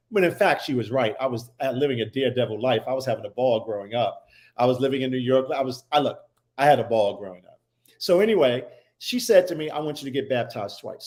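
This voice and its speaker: A man's voice: medium pitch, a little mellow. A man who is a guest on a talk show, telling a personal story with emphasis and many restarts. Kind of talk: personal storytelling in casual chat.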